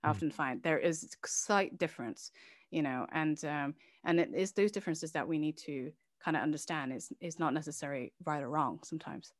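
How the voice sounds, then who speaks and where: Speaking briskly with hardly any pauses, a middle-aged woman who founded an organization tells a personal story in an interview. She is candid and emotional, full of fillers and restarts, and her voice is fairly low for a woman. The sound is dry and close, with no echo or room around it.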